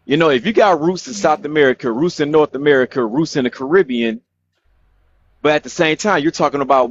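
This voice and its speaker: A man's voice: fairly high pitch, fairly quick. A man in a casual group discussion, speaking earnestly and pleadingly. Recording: dull lo-fi audio with faint hiss.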